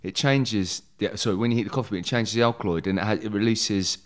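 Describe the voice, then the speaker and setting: A man's voice: lowish voice, quick pace. A middle-aged man from England, a guest in an interview, talking candidly with emphatic, heated bursts and jokey asides.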